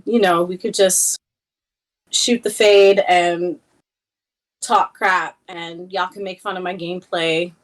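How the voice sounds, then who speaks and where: A woman's voice: lowish voice, fairly even intonation, slow pace. A young woman streamer in a casual chat, talking freely with many fillers and a playful tone. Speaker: Twitch streamer, guest.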